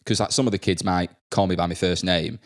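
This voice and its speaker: A man's voice: low voice, fairly even intonation, fast talker. A young man hosting a podcast, chatting casually and laughing as he tells stories about working with kids. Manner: laughs often, acts out kids' voices. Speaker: podcast host and school staff member. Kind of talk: casual chat, telling anecdotes.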